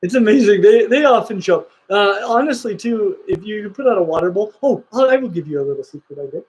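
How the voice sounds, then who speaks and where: High-voiced enthusiastic man hosting a livestream. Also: animated, fairly quick, a little mellow, slightly rough, rough recording. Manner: enthusiastic, rambling with restarts. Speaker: host. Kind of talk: casual livestream chat.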